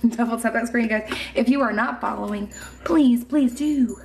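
Unhurried and a little mellow, her voice sits on the high side with vocal fry, and there's a little hiss or hum. She's an Indiana woman livestreaming on her phone from home amid mounted trophies, reading comments in a chatty, giggly way, swearing freely and a little drunk.

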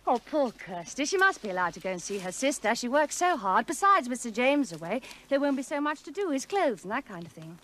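An actress playing a restless, bored aristocratic lady, speaking in a breathy, languid, coaxing way in a 1970s television drama. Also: on the high side, very animated, brisk, hardly any pauses, fairly bright tone. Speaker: lady of a Scottish estate.

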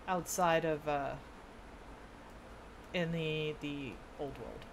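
This is relaxed gameplay commentary from a young female streamer who rambles and laughs at herself. She speaks slowly in a low voice, leaving long pauses, with some faint background noise.

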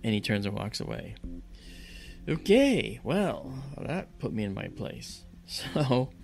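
A man telling a story on a podcast in a lively, casual way and acting out the dialogue. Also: fairly low pitch, slow pace, vocal fry, faint music behind. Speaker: podcast guest. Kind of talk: casual spoken anecdote.

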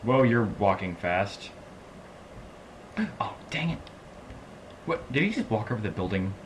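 Excitable young man narrating gameplay. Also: fairly low pitch, fairly quick, a little hiss or hum. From American South. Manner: excitable, laughing, swings from mumbling to yelling. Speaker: gaming channel host. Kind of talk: let's play commentary.

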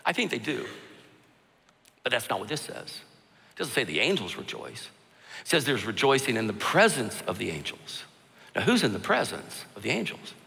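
A man's voice: medium pitch, very animated, moderate pace, creaky, pauses often, bright, forceful tone. A middle-aged male pastor preaching a sermon with fervor, repeating phrases for emphasis, in a large church. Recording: long church hall reverb.

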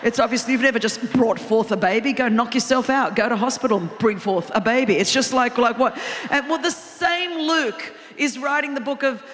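A woman preaching a sermon in an animated, self-deprecating storytelling way. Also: on the high side, normal speed, faint music behind. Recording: long hall reverb.

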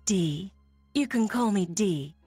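An actress playing a prim, secretive young woman client in a noir adventure game, speaking softly and flatly. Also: medium pitch, slow pace, husky, no echo, faint music behind, full character voice. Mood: guarded. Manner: soft, flat.

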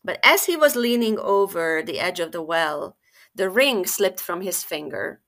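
Bright, expressive woman storyteller. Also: on the low side, measured pace. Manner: expressive, conversational. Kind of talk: fairytale storytelling podcast.

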